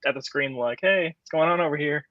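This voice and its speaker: A man's voice: fairly high pitch, fairly quick, dry recording. A man co-hosting a casual livestream chat over a video call, making brief, easygoing remarks. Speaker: co-host. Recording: dry, muffled lo-fi call audio.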